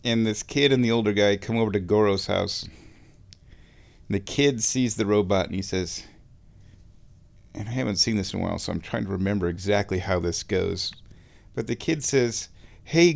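A man hosting his own show, talking in a relaxed, rambling way while lying down and chuckling often. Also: lowish voice, normal speed, vocal fry, pauses often. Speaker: solo show host. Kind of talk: casual monologue.

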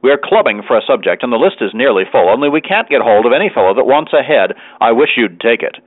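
A man's voice: medium pitch, lively intonation, fast talker, no room sound, natural voice. Man doing a casual blunt young student, offhand, tinny phone sound. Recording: dry, phone-like narrow sound.

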